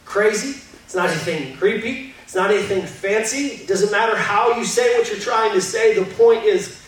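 High-voiced man preaching in an echoey hall. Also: a little hiss or hum. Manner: conversational, earnest, shifts between quick asides and slow emphasis. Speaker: pastor. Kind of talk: sermon. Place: church sanctuary. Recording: distant mic in a very echoey hall with faint guitar.

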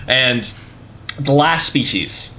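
Bright, lively male podcast host. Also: mid-range voice, takes it slowly, a little hiss or hum. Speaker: podcast co-host presenting the topic. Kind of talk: casual podcast chat.

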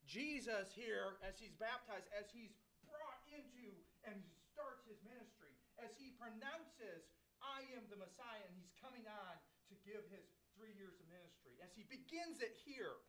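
A man's voice: high-pitched, expressive, normal speed, a bit bright, slight background noise, low-quality recording. A man preaching as a guest speaker, teaching through a Bible passage and often restarting his phrases. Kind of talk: sermon.

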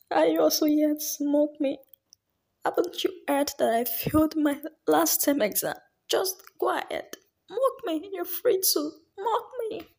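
A woman's voice: high-pitched, expressive, takes it slowly, long pauses, pitched above the performer's own voice. A woman voicing a teenage schoolgirl who failed her exams, wailing and indignant through her tears. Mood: upset, tearful.

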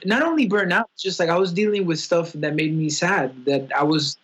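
A man's voice: on the high side, fairly quick, a bit bright, husky, poor audio. A young man talking candidly and emotionally in a casual podcast chat, rambling with lots of fillers.

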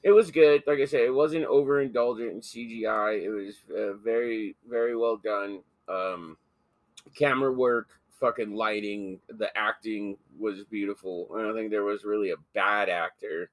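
A man's voice: fairly low pitch, fairly even intonation, moderate pace, no echo. A man co-hosting a podcast in casual chat, joking crudely and swearing freely. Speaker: podcast co-host.

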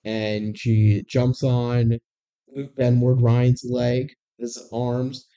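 A co-host walks through a film's plot in a dry, sarcastic way, trading jokes with a partner. The voice sits at a middle pitch and sounds dark and mellow. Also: level tone, extremely slow. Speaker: podcast co-host. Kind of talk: casual movie recap chat.

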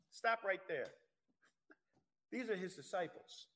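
A man's voice: sits high, measured pace, sharp tone. A man preaching a sermon, reading scripture aloud and pressing his point with emphatic rhetorical questions.

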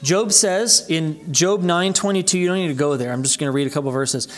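Speaking fairly quickly, a man preaches as pastor in a church sanctuary, earnestly calling his listeners brethren. For emphasis his voice rises high and loud before sinking low and quiet.

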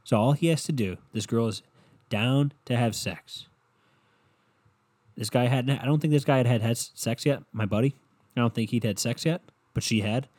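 A man's voice: mid-range voice, normal speed, darkish tone. Rambling, profane young podcast guy. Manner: rambling, profane, heavy on filler words. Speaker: podcast host. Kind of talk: casual solo podcast monologue.

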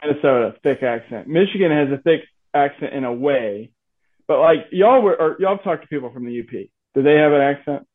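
A man's voice: on the high side, expressive, brisk. A man, hosting a podcast in casual conversation, musing thoughtfully and hedging with filler words. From Atlanta, Georgia. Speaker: podcast host. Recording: tinny phone-like line.

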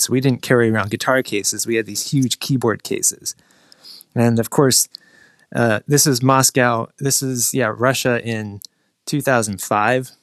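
A man's voice: mid-range voice, dry recording, clean studio sound. A man telling a long, rambling anecdote in a casual chat, restarting sentences often. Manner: rambling storyteller with many restarts, mimics people in quotes. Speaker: guest telling a travel story.

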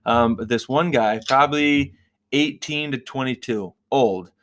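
A man's voice: medium pitch, a little slow, fairly bright tone. A young man co-hosting a casual podcast chat, telling a funny story, laughing often and making silly animal noises. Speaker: podcast co-host.

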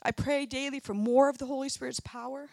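A woman's voice: high-pitched, steady tone, brisk, vocal fry, a little mellow, no room sound. A middle-aged woman sharing a personal testimony at church, earnest and emotional. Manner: earnest, emotional, tearful at times. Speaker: church speaker.

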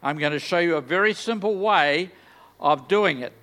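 Older man, sermon, enthusiastic, self-deprecating jokes, high voice. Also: moderate pace, fairly bright tone. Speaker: guest preacher. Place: large church.

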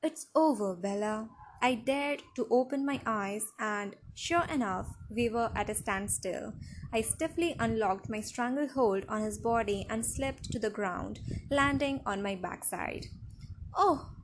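A woman narrating a novel in the first person, with expressive storytelling. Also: fairly high pitch, unhurried, a little hiss or hum.

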